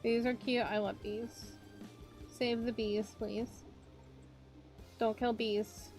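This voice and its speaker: A young woman chats casually on a drawing stream, her voice sitting a little high as she rambles through stories, stumbling over words and slipping into quick voiced quotes. Soft music plays faintly behind her. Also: level tone. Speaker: VTuber streamer. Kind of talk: casual chat while drawing.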